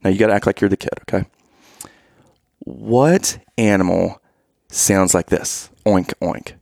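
A man's voice: on the low side, measured pace, creaky, a little mellow, no room sound, clean studio sound. A man telling dad jokes to his wife and laughing at his own punchlines in a playful, casual way. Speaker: joke-telling husband. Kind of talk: casual dad-joke storytelling.

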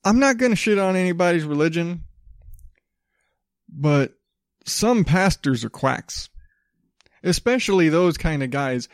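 A man's voice: a little high, lively intonation, unhurried, long pauses, dry recording, studio quality. A man hosting a podcast, ranting in a blunt, profane, casual way. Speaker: podcast host.

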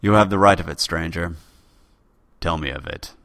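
A man voicing a dignified male king who speaks in a formal, measured way, in a storybook tale. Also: deep voice, gravelly, fairly bright tone, no room sound, clean studio sound. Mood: grave.

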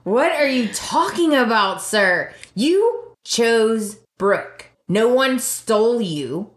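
A woman's voice: on the high side, takes it slowly. A woman, casually recapping a soap opera as a podcast co-host and acting out the characters' lines. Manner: animated retelling, acts out characters' lines, laughs often. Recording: echoey room.

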